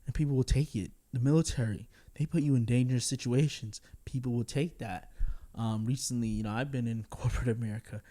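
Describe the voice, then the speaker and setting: A man's voice: medium pitch, fairly even intonation, brisk, warm tone. Blunt, candid man giving a movie review. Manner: candid and blunt, with frequent fillers and chuckles. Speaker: film reviewer. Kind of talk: casual spoken movie review.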